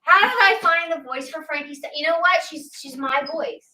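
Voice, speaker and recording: A woman's voice: high voice, normal speed, bright, forceful tone, slight background noise. A middle-aged woman from the American South, a voice actor, chatting on a panel in a wry, self-deprecating way. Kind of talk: casual panel chat. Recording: far off in an echoey room.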